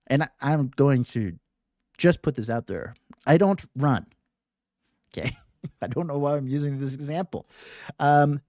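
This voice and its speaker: Lively, chatty meditation teacher. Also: dry recording, clean studio sound. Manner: conversational, keeps asking "right?"; lively rising and falling pitch, playful. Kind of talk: casual talk in a live mindfulness class.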